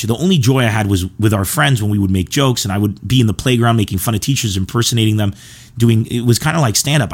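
Low-voiced man telling rambling school stories. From Lebanon. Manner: rambling and animated, with quick asides. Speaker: comedian. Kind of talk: casual storytelling.

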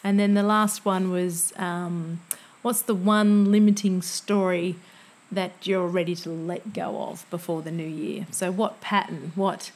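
A woman's voice: lowish voice, fairly even intonation, measured pace, darkish tone. Woman, 40s, podcast co-host, casual reflective chat, easy laugh.

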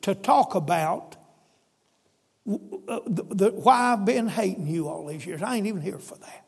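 A man retelling, in a halting voice, the pleading words of a big, remorseful older man. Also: high-pitched, lively intonation, gravelly, slightly rough, in a large hall, exaggerated voice. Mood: desperate.

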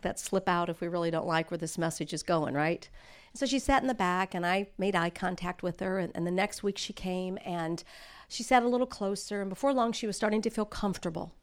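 A middle-aged woman giving a sermon, telling personal stories in an earnest way and building to emphatic exhortation. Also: medium pitch. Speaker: speaker at a church.

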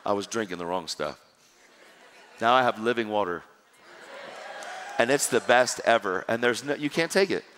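Animated preacher man in a reverberant hall. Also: lowish voice, moderate pace, long pauses, slight background noise. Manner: animated, jokey, acts out dialogue. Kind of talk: sermon storytelling.

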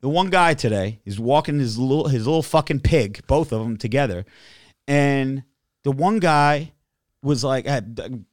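A man rambling through a story in casual podcast talk, cursing freely and restarting his sentences. His voice sits mid-low and sounds dry and close to the mic. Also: expressive, moderate pace, a little mellow, no room sound. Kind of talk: casual chat.

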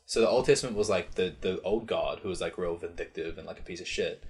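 A man's voice: sits low, fast, a little mellow. A man hosting a podcast in casual chat, joking, laughing often and swearing freely. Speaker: podcast host.

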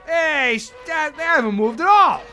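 A man voicing a gregarious older male astronomer, gruff and exclaiming. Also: very high-pitched, expressive, normal speed, sharp tone, soft background music, voice pushed up, full character voice. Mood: puzzled.

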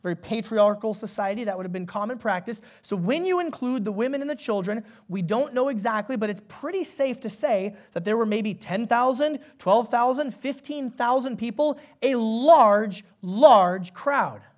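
A male pastor preaching a sermon in a conversational, animated way, often turning to ask the congregation questions. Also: extremely high pitch, normal speed, few pauses.

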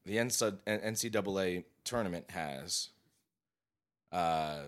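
Laid-back, low-voiced man telling stories. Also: a little slow. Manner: animated storyteller, acts out quotes. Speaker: podcast co-host; sports bar manager. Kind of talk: casual chat, storytelling.

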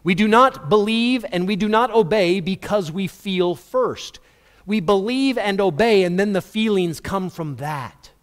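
A man's voice: sits high, measured pace. A man preaching a sermon, acting out little dialogues and chuckling at his own stories. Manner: animated, acts out dialogue, laughs at own stories. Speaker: pastor. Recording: long hall reverb.

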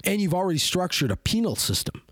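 A man's voice: high voice, very animated, quick pace, a bit bright, no echo. A man hosting a podcast, delivering a heated, rambling opinion monologue full of fillers. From Canada. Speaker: podcast host.

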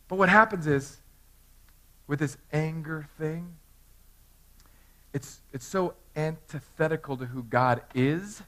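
A man with a fairly high voice preaches from the pulpit. He moves from low, reflective passages into loud, emphatic exhortation and joking asides to his congregation. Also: animated, a little slow, long pauses, rough recording. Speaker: pastor. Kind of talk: sermon.

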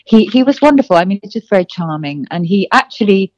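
A woman's voice: medium pitch, lively intonation, quick pace, no room sound, lo-fi sound. An older woman, a singer and actress, telling stories as an interview guest, with fillers along the way. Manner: warm storytelling with fillers, laughs easily. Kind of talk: casual interview.

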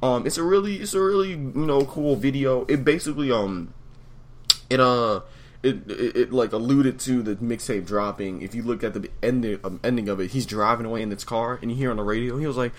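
A man's voice: on the low side, fairly quick. A man hosting a casual online stream, rambling and swearing as he chats. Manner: rambling, laughs often, swears. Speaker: host.

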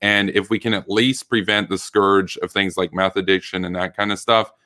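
A man arguing his side in a political debate, earnest and halting, often restarting his sentences. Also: deep voice, flat delivery, bright, forceful tone, dry recording, studio quality. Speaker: debate guest.

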